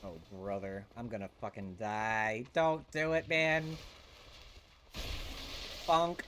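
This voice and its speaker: A man's voice: lowish voice, lively intonation, a little slow, a bit bright, a little hiss or hum. A young man streaming a video game, chatting casually with his viewers in a rambling, profane way full of restarts. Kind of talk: casual live-stream chat while playing.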